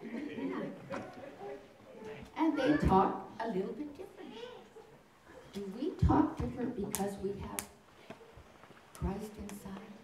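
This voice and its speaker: An older American woman giving a lively children's sermon in a sing-song storytelling manner, recorded from far off in an echoey hall. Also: medium pitch, slow, pauses often, crowd noise. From United States. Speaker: children's teacher at a congregation. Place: large hall of a congregation.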